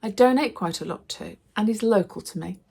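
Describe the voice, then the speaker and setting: A middle-aged woman, chatting to camera in a casual vlog and telling stories with lively acted quotes. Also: mid-range voice, fairly quick, vocal fry, husky. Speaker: lifestyle vlogger.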